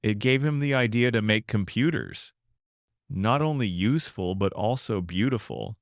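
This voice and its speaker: Guy co-hosting a learn-english podcast, calm and explaining, dry close mic. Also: fairly low pitch, moderate pace, no echo. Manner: calm, explanatory, defines words simply. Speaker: podcast co-host. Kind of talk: scripted English-learning dialogue.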